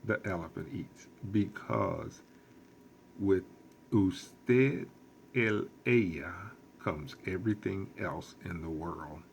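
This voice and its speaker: A man teaching a recorded lesson as a Spanish teacher, explaining slowly and patiently with lots of repetition. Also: deep voice, gravelly, a little hiss or hum.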